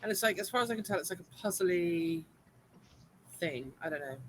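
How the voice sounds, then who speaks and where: A woman's voice: on the low side, expressive, brisk, a little hiss or hum. A woman, co-hosting a casual stream chat and joking around. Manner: chatty, jokey, puts on a mock French accent. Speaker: streamer and co-host.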